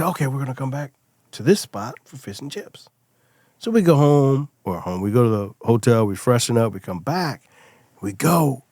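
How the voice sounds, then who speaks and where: A middle-aged man telling stories as a podcast guest, lively and acting out the people he quotes. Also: medium pitch, no echo, clean studio sound. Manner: animated storyteller, acts out quoted voices. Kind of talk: casual storytelling chat.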